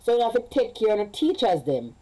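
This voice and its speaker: A young Jamaican woman with a mellow, dark-toned voice talks straight to her viewers in a casual vlog. She rambles and restarts, often repeating words, and drifts between standard English and patois. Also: a little high, big pitch swings, fast, rough recording. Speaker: vlogger.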